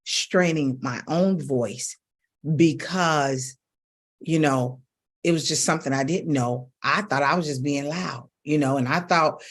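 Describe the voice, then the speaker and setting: A middle-aged woman vocal coach teaching to camera in an emphatic, coaxing way that repeats phrases for stress. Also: low voice. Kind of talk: instructional talk to camera.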